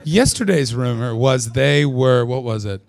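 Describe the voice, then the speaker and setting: A young man from Canada doing stand-up with a gravelly, fry-laced voice at an ordinary pitch. He riffs sarcastically and swears freely, now and then yelling a punchline. The sound is dry and close, with little room echo. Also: expressive, a little slow. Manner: profane, sarcastic, bursts into yelled punchlines. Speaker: stand-up comedian. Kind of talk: live stand-up with crowd work. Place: small venue at a comedy festival.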